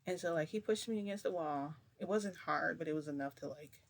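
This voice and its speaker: A woman recounts a long story in loose, casual speech, stumbling over restarts and packing in fillers. She keeps her voice low and hushed. A faint background hiss sits under her voice. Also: brisk. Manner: rambling, filler-heavy retelling with many restarts; speaks low to keep quiet. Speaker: storytime vlogger.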